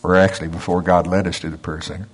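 A man's voice: sits low, level tone, quick pace, breathy edge. A middle-aged man preaching a storytelling sermon in a folksy way, acting out both sides of a conversation and chuckling often.

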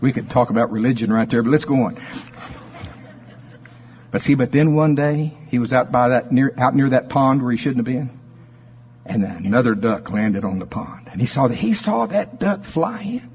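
A male preacher giving a sermon and telling a folksy story in an animated way. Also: medium pitch, moderate pace, slightly rough. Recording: dull sound with long hall reverb.

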